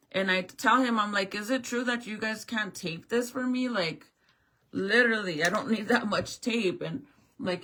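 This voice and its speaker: Woman venting a storytime to camera, bright sharp voice, swears a lot. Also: medium pitch. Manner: animated, swears often, acts out both sides of the talk. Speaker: vlogger. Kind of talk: casual storytime rant.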